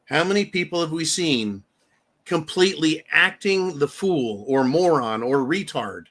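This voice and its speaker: A man's voice: on the high side, lively intonation, unhurried, fairly bright tone. A man hosting a talk show, giving rambling, emphatic, opinionated commentary. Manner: rambling, emphatic, mocking voices for quotes. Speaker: show host.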